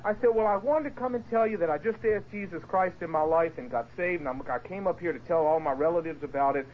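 A man from the Portsmouth, Virginia area telling his conversion story to a group, storytelling with lively voiced quotes and asides. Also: fairly high pitch, quick pace, few pauses, muffled recording, slight background noise. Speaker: speaker giving his testimony. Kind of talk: animated personal testimony to a group.

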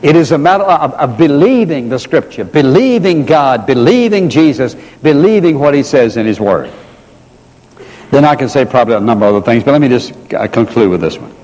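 A man preaching a sermon in an earnest way, slowing down and repeating key phrases for emphasis. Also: medium pitch, big pitch swings, a little mellow. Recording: long reverb of a large hall.

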